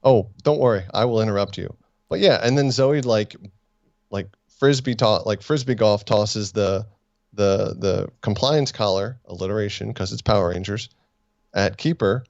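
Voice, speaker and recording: This man co-hosts a casual review podcast, rambling and teasing as he works through his theories. His voice sits low for a man. The recording is dry and close but dull and lo-fi. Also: normal speed, creaky, no echo. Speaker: podcast co-host. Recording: dull lo-fi sound.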